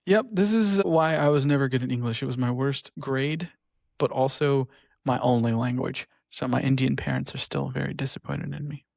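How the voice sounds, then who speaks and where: A man's voice: medium pitch, normal speed, gravelly, darkish tone, no room sound, studio quality. A man co-hosting a podcast in casual chat, joking and rambling and self-deprecating. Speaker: podcast co-host.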